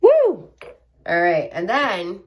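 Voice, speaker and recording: A woman's voice: fairly low pitch, normal speed, a crowd in the background. A young woman vlogging casually at home, chatty and giggly, rambling with fillers. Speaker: vlogger mom. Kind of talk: casual chat. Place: home bathroom. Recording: voice from a distance.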